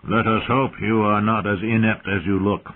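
A man's voice: fairly low pitch, fairly even intonation, normal speed, lightly acted. A man doing a cold, mocking master-at-arms. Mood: scornful. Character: cold, sharp older male master-at-arms. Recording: tinny phone-like audio.

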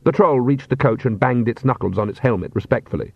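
A man narrating a comic fantasy audiobook in measured, dry storytelling. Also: mid-range voice, creaky, dry recording. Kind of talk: scripted narration. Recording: dull, dry audiobook recording.

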